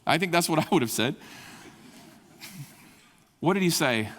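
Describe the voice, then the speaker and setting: A man's voice: fairly high pitch, expressive, measured pace, pauses often. A man preaching a sermon at a conference, speaking with passion that climbs to emphatic peaks. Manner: impassioned, rising to emphatic peaks. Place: large conference hall. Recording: long hall reverb.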